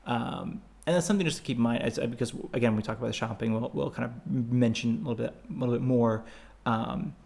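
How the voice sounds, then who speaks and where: Rambling man with a gravelly voice. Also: mid-range voice, fast, darkish tone. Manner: rambling, many fillers and restarts. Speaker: podcast co-host. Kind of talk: casual travel chat.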